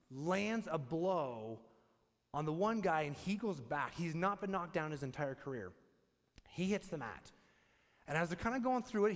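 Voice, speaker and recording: A male pastor preaches with lively, joking storytelling in a slightly raised voice. His words ring out with the long reverb of a church hall. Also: a little high. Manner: animated, humorous storytelling. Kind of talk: sermon.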